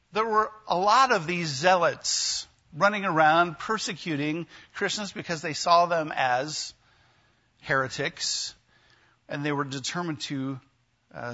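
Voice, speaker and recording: A man's voice: fairly high pitch, bright, forceful tone, muffled recording. A man preaching a sermon in a conversational way, often asking his listeners questions. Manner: conversational, asks the congregation questions. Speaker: pastor.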